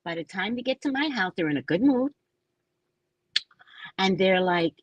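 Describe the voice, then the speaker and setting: An older woman telling a story to her audience, with a husky voice and a pitch that swings widely. She talks slowly and animatedly, and mimics the people she quotes. The recording is dry and close. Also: animated, no echo, highs cut off. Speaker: host. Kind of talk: casual storytelling monologue.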